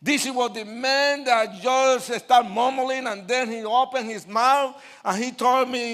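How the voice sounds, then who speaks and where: An older man with a Puerto Rican Spanish accent, a native Spanish speaker, telling his testimony as a preacher, animated, acting out quotes and moving from soft asides to shouting. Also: very high-pitched, slow pace, hardly any pauses. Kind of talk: sermon testimony storytelling.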